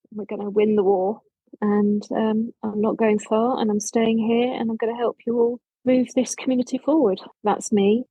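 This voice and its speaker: A woman's voice: a little high, warm tone, no echo, muffled recording. A woman in her fifties from England introducing herself on a podcast in a bubbly, self-deprecating way. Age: 50s. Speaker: community member.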